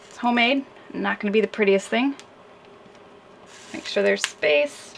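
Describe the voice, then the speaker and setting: A woman's voice: on the high side, measured pace, vocal fry, far from the mic. A woman sailing vlogger chatting casually and self-deprecatingly while she cooks on a small boat. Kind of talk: casual cooking chat. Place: small sailboat cabin. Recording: noisy boat ambience.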